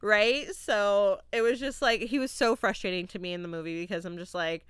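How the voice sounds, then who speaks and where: A young woman from Florida hosting a podcast, casually reviewing a movie with lively laughter and acted-out quotes. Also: mid-range voice, moderate pace, clean tone, no echo, clean studio sound. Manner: animated, laughing, acts out quotes. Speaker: podcast host.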